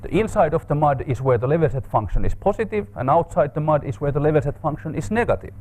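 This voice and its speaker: A man's voice: on the high side, lively intonation, fast, darkish tone. A man giving an academic seminar talk in a seminar room, explaining with frequent fillers and restarts. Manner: hesitant, thinking aloud with fillers. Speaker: seminar speaker. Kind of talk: academic lecture.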